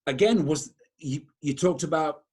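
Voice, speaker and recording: A man's voice: fairly high pitch, normal speed, a little mellow, husky. A man interviewing an actress, asking about her career with an admiring, enthusiastic manner. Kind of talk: interview questions.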